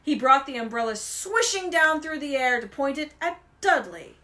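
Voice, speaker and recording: A woman reading a novel aloud with expressive, animated storytelling. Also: high voice, normal speed. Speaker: reader.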